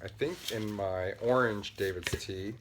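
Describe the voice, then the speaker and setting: A man with a somewhat low voice talks in a loose, rambling, upbeat way, full of ums and asides. He sounds buzzed on caffeine and talks fast as he shows things off in a casual podcast chat. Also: fairly bright tone, slight background noise. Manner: chatty, rambling, upbeat, with many fillers. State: buzzing on caffeine, talking fast. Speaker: podcast host. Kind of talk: casual show-and-tell chat.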